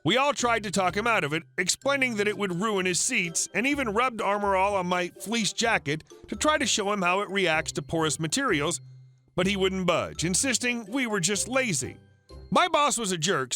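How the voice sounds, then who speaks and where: A man reading online revenge stories as a scripted narration, upbeat and expressive. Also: high voice. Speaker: story narrator.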